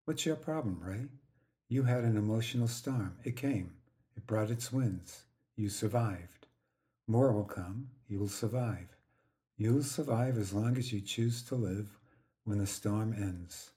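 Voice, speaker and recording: A man reading as a soft, firm woman friend. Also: on the low side, a little slow, close to an everyday voice. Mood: gentle, firm. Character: calm, patient woman friend giving firm advice.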